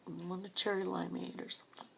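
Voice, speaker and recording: A woman telling her own story of supporting grieving people, speaking softly and often dropping to a whisper, tearful at times. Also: lowish voice, flat delivery, quick pace, vocal fry, breathy edge. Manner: soft, hushed, often breaking into a whisper. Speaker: grief support volunteer. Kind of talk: personal storytelling.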